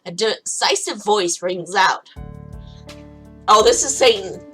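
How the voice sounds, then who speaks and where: Eine junge Frau liest beschwipst ein Visual Novel vor, plaudert locker, kichert viel und schweift ab. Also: female voice, mid-range voice, takes it slowly, pushed and bright, husky, soft background music, rough recording. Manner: giggly, rambling. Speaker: let's play host. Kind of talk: tipsy casual game reading.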